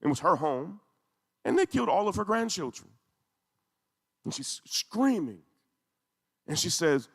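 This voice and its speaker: A man's voice: high-pitched, sing-song, unhurried, vocal fry, pauses often, fairly bright tone, husky. Intense man telling a story in a hall. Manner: intense, storytelling with rising emphasis. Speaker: speaker. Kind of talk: emotional speech to a congregation. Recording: echoey hall.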